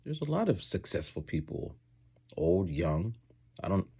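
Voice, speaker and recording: Deep husky man rambling on camera. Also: big pitch swings, unhurried, warm tone. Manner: rambling, tangents, acts out quoted voices. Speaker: English teacher in Japan. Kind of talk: casual rambling vlog chat.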